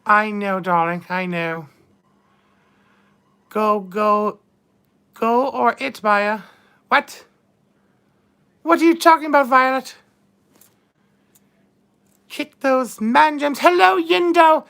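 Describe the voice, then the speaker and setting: Brief: woman as a vain mature duchess, high-voiced, unhurried drawl, bawdy and grand. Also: gravelly, a bit bright, exaggerated voice. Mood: flirtatious. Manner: drawling, calls everyone darling, bawdy innuendo. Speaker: live-stream host in character. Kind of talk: live chat read-out in character.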